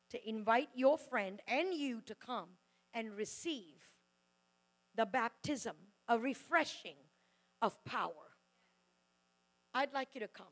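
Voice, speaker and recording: A woman preaching a sermon in a church hall, loud and fervent, with quick asides and restarts. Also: a little high.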